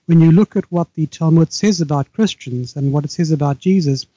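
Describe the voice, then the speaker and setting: An older man from Africa, speaking as a guest author in a halting, measured way with frequent restarts. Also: a little high, dark tone, no room sound, dull audio. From South Africa. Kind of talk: remote interview conversation.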